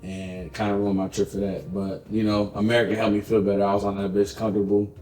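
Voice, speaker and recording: A man's voice: fairly low pitch, fast, reverberant, faint music behind, poor audio. A man co-hosting a podcast, chatting casually and animatedly, with plenty of swearing and acted-out dialogue. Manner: animated, profane, acts out dialogue. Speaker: podcast co-host. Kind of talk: casual chat, storytelling.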